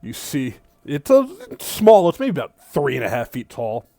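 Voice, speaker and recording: A man's voice: mid-range voice, wildly swooping pitch, normal speed, vocal fry, dark tone, dry recording, studio quality. A man narrating a tabletop game as game master, describing the scene in a casual way.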